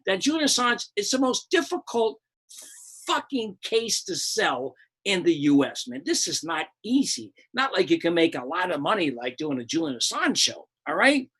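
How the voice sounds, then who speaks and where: A man's voice: sits high, very animated, moderate pace, fairly bright tone, husky. An older American man, a comedian hosting a live show, ranting about politics in a profane, rambling, heated way with many restarts.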